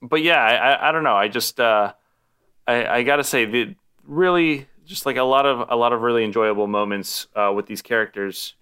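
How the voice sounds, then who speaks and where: Casting note: male podcast co-host, bright, clear voice, loose, rambling film chat full of fillers. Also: mid-range voice, normal speed. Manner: rambling, many fillers and restarts. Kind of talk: casual film discussion.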